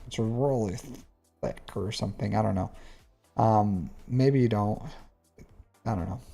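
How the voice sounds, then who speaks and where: A man reviewing a player's game account on a live stream, chatty and animated, with lots of fillers. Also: medium pitch, vocal fry. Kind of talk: casual live-stream commentary.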